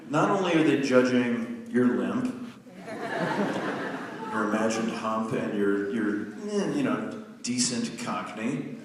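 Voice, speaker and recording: A man in his forties giving a humorous, self-deprecating talk to a live audience, telling stories conversationally with quick restarts. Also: mid-range voice, noisy background. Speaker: guest speaker. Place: large lecture hall. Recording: distant mic in an echoey hall.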